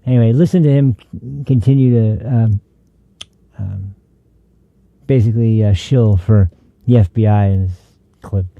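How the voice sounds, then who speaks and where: A man's voice: lowish voice, measured pace, vocal fry, long pauses, no room sound, phone-quality sound. A young adult man hosting a political commentary show, ranting sarcastically in a heated, rambling way.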